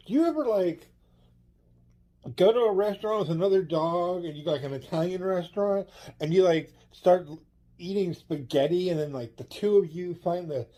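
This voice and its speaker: A man voicing an excitable dog calling in to a show, rambling breathlessly with lots of likes. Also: fairly high pitch, lightly acted. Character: excitable dog caller with a squeaky voice. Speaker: caller.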